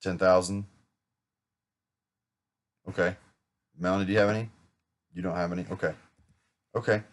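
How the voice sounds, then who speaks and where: A man's voice: sits low, fairly even intonation, moderate pace. A man acting as an insurance agent in a practice sales role-play, talking casually with small jokes and self-corrections. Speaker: insurance agent rehearsing a client pitch.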